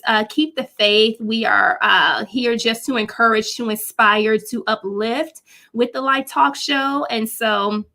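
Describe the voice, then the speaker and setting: A woman hosting a faith talk show, asking questions and signing off in a gentle, encouraging way. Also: on the high side. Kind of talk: interview and sign-off.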